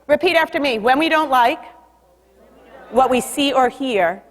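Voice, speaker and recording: A woman giving an energetic public talk about body language, leading the audience to repeat after her. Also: high voice, measured pace. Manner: lively, leads audience call-and-response. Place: stage in a large hall. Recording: long hall reverb.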